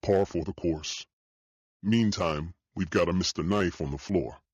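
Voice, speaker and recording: A man narrating a thriller audiobook in the first person, steady and matter-of-fact. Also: deep voice, measured pace, breathy edge, no echo. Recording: dull dry studio audio.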